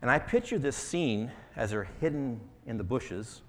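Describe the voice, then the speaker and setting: A man's voice: mid-range voice, animated, normal speed, few pauses. Man preaching in a reverberant hall. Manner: conversational preaching with rhetorical questions. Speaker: pastor. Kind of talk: sermon.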